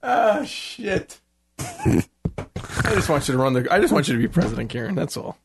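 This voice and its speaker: A man's voice: high-pitched, huge pitch swings, moderate pace, gravelly, a little hiss or hum. A young man co-hosting a casual comedy talk show, teasing and laughing often as he riffs. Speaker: co-host. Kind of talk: casual crude comedy banter.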